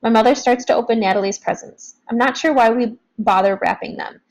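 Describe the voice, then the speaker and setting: A woman reading a novel aloud in first person, in plain, steady storytelling. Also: a little high, fairly quick, poor audio. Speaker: audiobook narrator.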